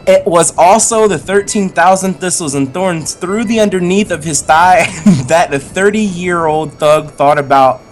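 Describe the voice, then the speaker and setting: A man's voice: high voice, a little slow, hardly any pauses, slight background noise. A man hosting a casual livestream with friends, reading tongue twisters aloud, laughing a lot and swearing when he trips up.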